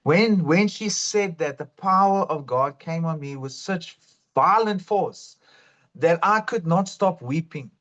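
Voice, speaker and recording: A man shares his testimony with fervent earnestness. His voice sits high for a man, and the recording sounds dull and lo-fi. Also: slow pace, fairly bright tone. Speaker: guest sharing testimony. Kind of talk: emotional faith testimony.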